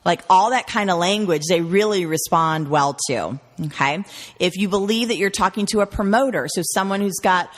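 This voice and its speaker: In a conversational interview recorded with long hall reverb, a referral marketing trainer tells stories with emphasis and runs through lists of words. She has a lowish voice and talks at normal speed.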